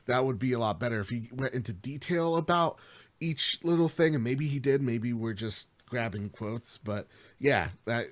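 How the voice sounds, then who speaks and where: A man's voice: medium pitch, normal speed, no room sound. A man co-hosting a podcast in casual banter. He jokes and teases, and he runs the segments. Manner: joking, teasing, runs the segments. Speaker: podcast co-host.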